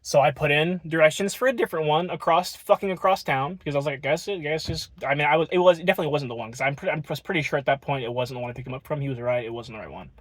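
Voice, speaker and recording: A man's voice: fairly high pitch, very fast, hardly any pauses, fairly bright tone, no room sound. A man telling a rambling, profane story in a casual storytime vlog.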